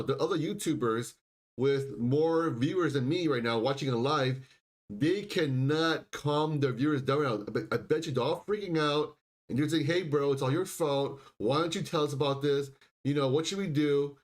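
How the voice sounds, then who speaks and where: Guy hosting a live stock stream, kinda high voice, keeps repeating himself and clearing his throat. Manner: insistent, repetitive, frequent throat clearing. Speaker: livestream stock and crypto host. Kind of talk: live market commentary.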